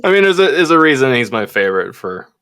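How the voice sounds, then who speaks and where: A young man hosts a casual podcast chat, laughing often and circling through fillers before he gets to the point. His voice moves lively up and down, and he comes through a remote call. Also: medium pitch, quick pace, smooth. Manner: giggly, hesitant, fillers. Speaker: podcast host.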